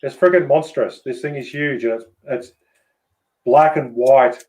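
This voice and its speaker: A man with an Australian accent chatting casually as host, relaxed and swearing freely. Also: medium pitch, measured pace, poor audio. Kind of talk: casual chat.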